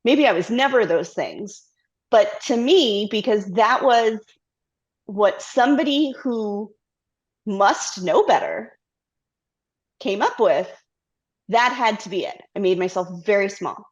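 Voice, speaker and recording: A woman's voice: medium pitch, expressive, slow pace, pauses often. Reflective woman guest, muffled lo-fi sound. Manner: reflective, acts out her past self-talk in quotes. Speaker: guest, company CEO. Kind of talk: candid conversational storytelling. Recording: slightly muffled lo-fi audio.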